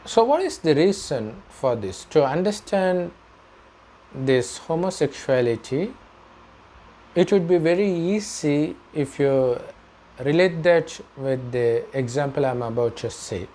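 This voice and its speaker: A man giving a spiritual talk as a teacher, explaining slowly and carefully with pauses. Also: a little high, expressive, dark tone, a little hiss or hum. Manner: slow, measured explaining with pauses.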